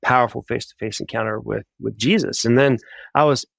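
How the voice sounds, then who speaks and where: A man's voice: medium pitch, a little fast, vocal fry, no echo. Man telling his story, dry sound. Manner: animated, full of "like" and quoted inner voices. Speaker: guest sharing a faith testimony. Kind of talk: casual storytelling.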